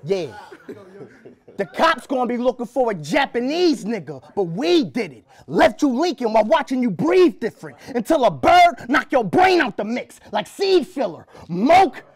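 A man performing an aggressive battle rap at a live event, shouting his punchlines. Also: very high voice, big pitch swings, moderate pace, husky. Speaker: battle rapper.

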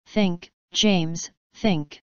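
A woman's voice: on the low side, steady tone, extremely slow, clean tone, no echo, muffled recording. Woman playing a fearful Miss Spider. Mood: pleading. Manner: pleading, fearful. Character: anxious female spider.

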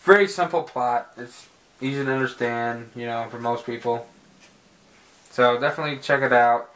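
A man's voice: medium pitch, moderate pace, fairly bright tone. Man, casual movie review vlog, rambling, cursing, joking around, lots of ums, mid-range voice. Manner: rambling, profane and jokey, with frequent fillers. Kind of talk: casual home video review.

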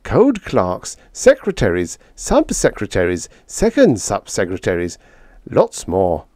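A man voicing a wry, brisk male diplomat in a storybook reading. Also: on the low side, wildly swooping pitch, a little mellow, dry recording, clean studio sound, full character voice.

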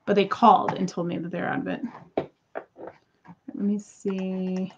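A woman's voice: medium pitch, little pitch movement, slow pace, dull audio, a little hiss or hum. A woman in her thirties chatting casually to viewers while unboxing crystals, exasperated and talkative. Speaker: crystal seller.

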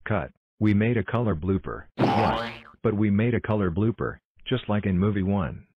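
Exclamatory man narrating homemade bloopers, low voice, muffled lo-fi audio. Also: animated, no room sound. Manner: exclamatory, hurried, calling cuts and takes. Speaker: creator directing a logo blooper video. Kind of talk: scripted fan cartoon narration.

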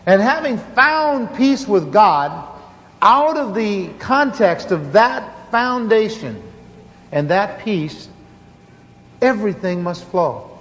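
A man's voice: high voice, sing-song, takes it slowly, fairly bright tone. A man preaching a sermon, telling a story with earnest restarts and fillers. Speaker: pastor. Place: large conference hall. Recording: conference hall reverb, faint noise.

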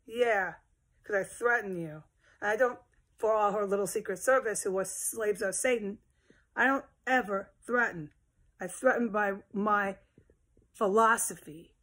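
Woman vlogger, rambling casual monologue, profane and agitated, mid-pitched voice. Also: measured pace, a bit bright. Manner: profane, agitated, drifting between topics. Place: at home in a house.

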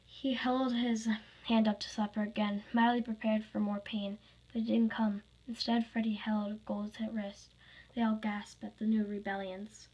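A woman's voice: mid-range voice, little pitch movement, moderate pace, a little mellow, rough recording. A woman reading her own fan story aloud, plainly, with small slips.

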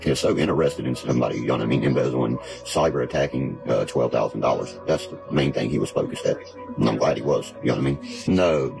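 A man's voice: extremely low pitch, vocal fry. A man on a casual livestream, rambling and swearing, who keeps asking "you see what I mean". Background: background music.

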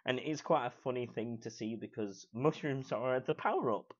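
Excited man reviewing a movie, lo-fi. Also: medium pitch, moderate pace. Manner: enthusiastic, repeats praise words, quotes scenes in put-on voices. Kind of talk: casual film review. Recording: dull lo-fi recording.

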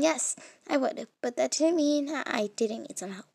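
A woman reading an interactive story game aloud as its heroine, in an expressive, dramatic way. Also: fairly high pitch, moderate pace, vocal fry, dry recording. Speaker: game player voicing the protagonist.

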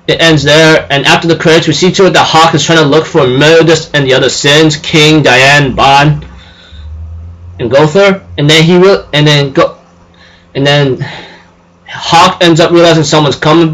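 A man, his voice a little high and somewhat bright at a normal speed, casually recaps an anime episode as a reviewer. He rambles, using lots of fillers and repeating phrases, and the recording is rough.

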